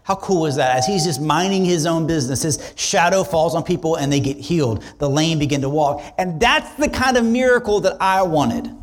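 A male pastor telling a story in a sermon, conversational and animated, acting out the dialogue. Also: fairly high pitch, moderate pace, few pauses.

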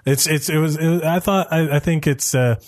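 Excitable podcast host, stammering. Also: male voice, on the high side, normal speed, no echo. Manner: excitable, stammering, swears casually. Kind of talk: casual chat.

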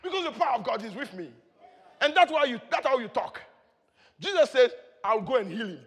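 A man preaching a sermon, moving between quiet teaching and shouted praise, often chuckling as he speaks. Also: very high-pitched, big pitch swings, fairly quick. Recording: long hall reverb.

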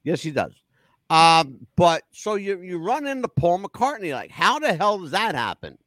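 A man hosting a loose talk show, his voice a little high and swinging widely as he spins a story. He swears freely and talks straight to his audience. The sound is close and dry. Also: sing-song, unhurried, a bit bright, no echo. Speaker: show host. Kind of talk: casual chat show talk.

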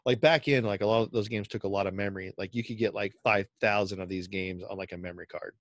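A man's voice: on the low side, steady tone, fast talker, no room sound. A man co-hosting a podcast, telling stories in casual chat full of fillers and acted-out quotes. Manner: rambling, filler-heavy storytelling with acted-out quotes. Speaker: podcast co-host.

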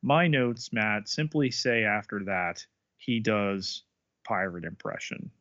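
A man co-hosting a casual podcast, recapping plot points in a measured, dry way. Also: fairly low pitch, lively intonation, fairly bright tone. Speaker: podcast co-host. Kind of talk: casual chat recapping an episode. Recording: dull lo-fi mic.

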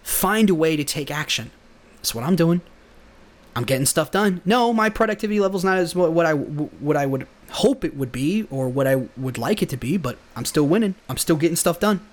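A man's voice: fairly high pitch, animated, brisk. A young man hosting a podcast, talking through a casual motivational monologue in an earnest, rambling way with many restarts. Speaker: podcast host.

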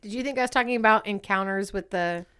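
A woman in her thirties telling a story in casual chat, animated and profane, acting out the voices of people she quotes. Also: medium pitch, fast talker, smooth.

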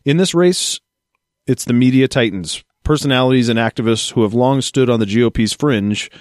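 A man's voice: mid-range voice, normal speed, a little mellow, dry recording, studio quality. Man casually riffing on the news. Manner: reads news excerpts then jokes and laughs. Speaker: podcast co-host reading news. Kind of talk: casual podcast chat reading articles aloud.

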